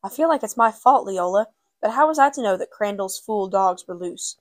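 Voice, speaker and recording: A woman reading aloud and voicing an aunt who hushes a crying child and blames herself. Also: medium pitch, animated, moderate pace, no echo, close to an everyday voice. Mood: distressed. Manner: hushing, soft. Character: soothing, guilt-ridden aunt.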